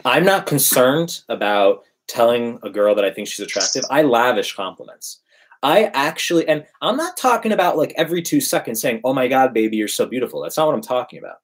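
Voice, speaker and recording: Emphatic husky-voiced man coaching. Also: mid-range voice, brisk. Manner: emphatic, preachy, animated. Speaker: dating coach. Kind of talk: casual podcast chat.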